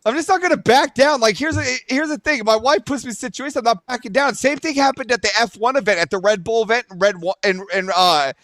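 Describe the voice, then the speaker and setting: Brief: man with a very high pitch, rambling and profane, dry close sound. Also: quick pace, few pauses, dry recording. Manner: rambling, fillers like "right?"; acts out shouted arguments. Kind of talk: profane casual storytelling.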